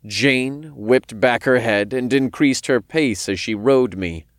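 A man reading a first-person story aloud in a calm, measured way. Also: medium pitch, no echo, clean studio sound. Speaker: narrator.

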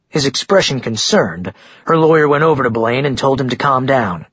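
Husky guy reading a novel aloud, dry dull sound. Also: mid-range voice, expressive, moderate pace, fairly bright tone, no echo. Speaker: audiobook narrator. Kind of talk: scripted narration.

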